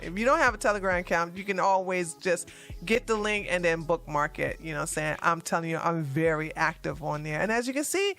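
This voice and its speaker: A woman's voice: medium pitch, a bit bright. A woman hosting her own news commentary vlog, talking casually and animatedly to her viewers and laughing often.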